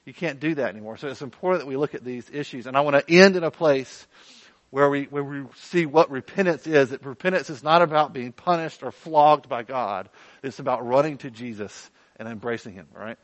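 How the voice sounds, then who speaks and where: A man preaching a sermon in an animated, conversational way with playful asides. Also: mid-range voice, brisk, no echo, muffled recording. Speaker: pastor.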